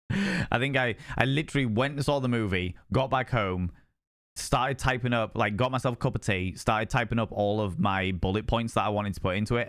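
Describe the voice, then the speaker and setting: A man's voice: on the low side, clean tone, dry recording, studio quality. A man chatting casually with viewers on a game stream, rambling and repeating himself.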